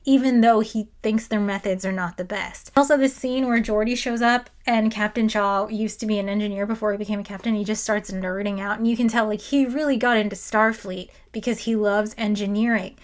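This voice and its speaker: A woman's voice: medium pitch, steady tone, fairly quick, few pauses. A woman hosting a video essay, who talks with sarcastic exasperation and quotes others in mock voices.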